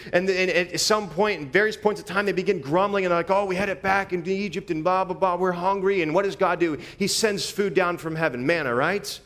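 A man delivers a sermon in a loose, conversational style, his voice sitting a little higher than most. He preaches with animation, repeating words and phrases as he works through the passage. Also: fairly bright tone.

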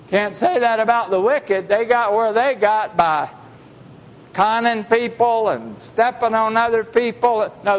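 Speaking slowly in a voice that sits high, a man delivers a sermon to his congregation, pressing his points with emphasis and rhetorical questions. A long reverb from the hall surrounds his words.

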